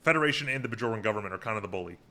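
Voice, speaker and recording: A man's voice: on the low side, expressive, rapid-fire, pushed and bright. A man co-hosting a podcast, recapping an episode in casual chat and paraphrasing the scenes with lots of fillers.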